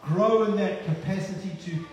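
A man's voice: sits high, normal speed, a little hiss or hum. A man preaching a sermon as a pastor, earnest and repeating words for emphasis. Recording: echoey hall, distant mic.

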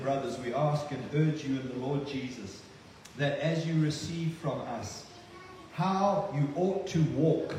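A man's voice: on the high side, darkish tone, a little hiss or hum. A man preaching a sermon as a pastor, earnest and repeating words for emphasis. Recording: echoey hall, distant mic.

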